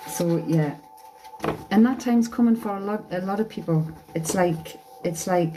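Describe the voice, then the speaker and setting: A woman's voice: medium pitch, a little slow, noisy background. A woman giving a casual live-stream tarot reading as a psychic medium, chatty and blunt, swearing casually.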